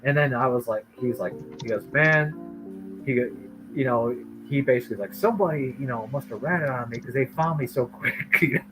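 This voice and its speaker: A man from Michigan spins long anecdotes in a casual stream chat, slipping into the voices of the people he quotes. His voice sits at an ordinary pitch. Music plays clearly underneath. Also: quick pace, poor audio. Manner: animated, acts out quoted voices. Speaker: streamer and comic artist. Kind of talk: casual storytelling on a live stream.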